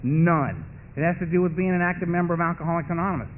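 A man's voice: fairly high pitch, fast. Middle-aged man telling his story, tinny sound. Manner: animated storyteller acting out quoted voices, wry humor. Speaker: speaker at a recovery meeting. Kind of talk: personal story told to a live audience. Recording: phone-like muffled recording with faint hum.

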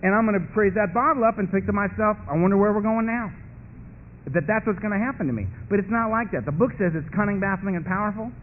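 An emphatic man gives a rapid personal testimony at a recovery meeting, in a high, lively voice. His speech is colloquial and repetitive, and he keeps circling back to press his point. The sound is thin and phone-like, with a faint hiss underneath.

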